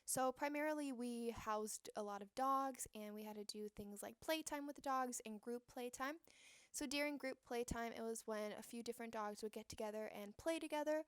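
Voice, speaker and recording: A young woman, a college student and guest, giving a steady, organized account of a personal experience. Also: on the high side, clear, resonant tone, no echo, studio quality. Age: young adult.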